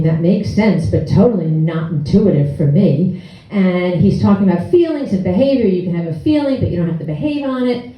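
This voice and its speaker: Animated woman telling a story in a hall. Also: medium pitch. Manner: animated, wry, acts out her own past lines. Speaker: storyteller on stage. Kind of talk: live personal storytelling. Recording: echoey hall, distant dull mic.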